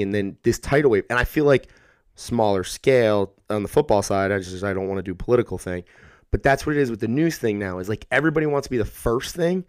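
A man's voice: medium pitch, dry recording. Guy in his 30s rambling on a podcast, cursing a lot, dry close mic. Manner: rambling, animated, swears freely, acts out kids' voices. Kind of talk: casual chat.

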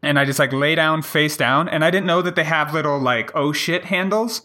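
Bright-voiced man telling a story. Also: a little high, normal speed. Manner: profane, animated retelling with acted-out quotes. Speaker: podcast co-host. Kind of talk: casual storytelling chat.

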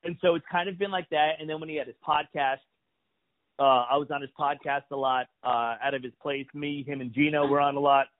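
A man's voice: on the high side, fairly quick. Profane storytelling man on a tinny line. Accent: New York. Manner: profane, animated storytelling with acted-out quotes. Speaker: comedian guest. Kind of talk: casual storytelling. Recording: phone-like lo-fi audio.

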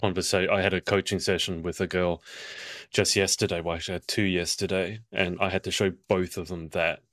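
A man's voice: low-pitched, level tone, fairly quick, fairly bright tone, no room sound. A man hosting a casual podcast chat as a pageant coach, chatty and playful with frequent laughs.

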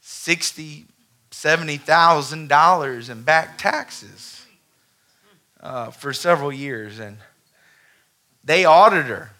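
Bright-voiced preaching pastor. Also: male voice, on the high side, expressive, slow, long pauses. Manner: impassioned preaching, calls for amen. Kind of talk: sermon with storytelling. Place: church sanctuary before a congregation.

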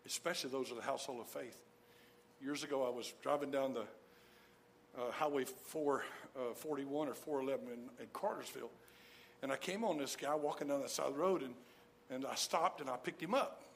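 A man's voice: medium pitch, fairly quick, creaky, a little hiss or hum. A middle-aged man preaching a sermon, stressing points by repeating key phrases. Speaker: pastor.

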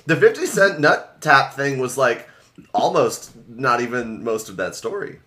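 Male co-host, lively pitch, bright tone, reactive chat. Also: measured pace. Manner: chimes in with short reactions. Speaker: podcast co-host. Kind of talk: casual chat.

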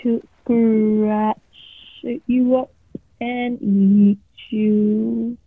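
A woman voicing a creature that groans slowly, hunting for its lost toe. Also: fairly high pitch, flat delivery, no room sound, exaggerated voice. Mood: menacing. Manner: slow drawn-out moaning. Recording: tinny phone-like sound.

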